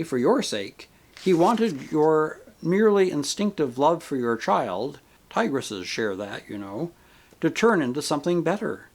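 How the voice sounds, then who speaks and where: A man voicing a gentle, patient spirit. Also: fairly high pitch. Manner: calm, kindly, reasoning. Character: gentle patient male spirit, brother figure. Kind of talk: audiobook character reading.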